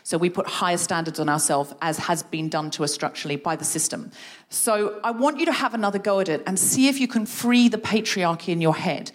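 A woman guest leading a playful creativity game for a live audience, encouraging and animated. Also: lowish voice, brisk. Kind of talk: live comedy podcast workshop. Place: stage before a live audience.

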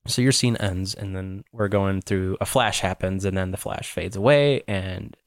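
A man's voice: low voice, moderate pace, vocal fry, no echo, studio quality. A middle-aged man running a tabletop game as game master, joking, profane and laughing often.

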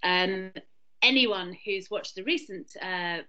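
A woman's voice: medium pitch, takes it slowly, sharp tone, highs cut off. A woman with a Hackney London accent, chatting casually on a video call and laughing often as she demonstrates accents. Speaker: podcast guest. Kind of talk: casual chat explaining accents.

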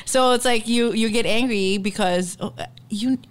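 A woman's voice: a little high, moderate pace. A woman with a Filipino accent who mixes in Tagalog, co-hosting a podcast in casual chat and responding in a supportive, affirming way. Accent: Filipino, mixing in Tagalog. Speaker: podcast co-host.

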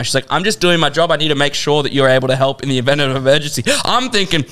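A man's voice: a little high, rapid-fire. A man co-hosting a podcast, telling a funny story with lots of laughter and swearing. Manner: animated, laughs through his stories, swears freely. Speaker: podcast co-host. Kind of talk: comic storytelling.

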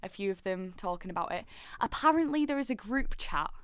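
A woman's voice: medium pitch, lively intonation, fairly quick, fairly bright tone, clear, resonant tone, dry recording, studio quality. A woman co-hosting a podcast, chatting in a bubbly, giggly way. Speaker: podcast co-host. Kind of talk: casual chat.

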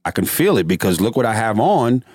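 This is a man with a lower-pitched voice who tells stories in an animated, profane way, with his pitch jumping up and down as he goes. He laughs easily through his story. The sound is dry and close. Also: brisk, no echo. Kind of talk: casual storytelling.

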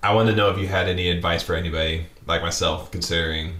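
Podcast host: deep, bright-edged man, echoing room, a bit off-mic. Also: steady tone, quick pace. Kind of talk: casual interview questions. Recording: roomy echo, off-mic.

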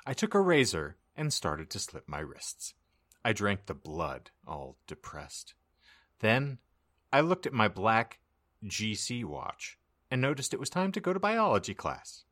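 A sarcastic, theatrical man co-hosting a comedy podcast. His low voice sounds bright and crisp, and it rises and falls with lively, mock-dramatic swings. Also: a little slow. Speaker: podcast co-host.

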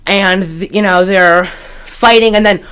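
A woman co-hosting a podcast, recapping a movie in casual chat, animated and profane, with lots of fillers and laughter. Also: medium pitch, unhurried, clear, resonant tone. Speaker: podcast co-host.

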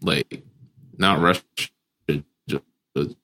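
A man's voice: deep voice, fairly even intonation, extremely slow, pushed and bright. A man co-hosting a casual movie review podcast, hesitant with many ums and restarts, and swearing casually. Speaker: podcast co-host.

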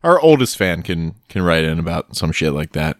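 A man co-hosting a podcast, trading quick, jokey asides in casual banter. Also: deep voice, big pitch swings, no echo, studio quality. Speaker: podcast co-host.

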